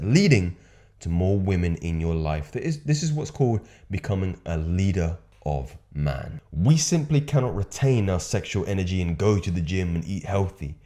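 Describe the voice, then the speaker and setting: A man's voice: sits low, mellow. A young man talking as a self-improvement coach, earnest and emphatic, swearing casually as he speaks. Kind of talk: motivational monologue.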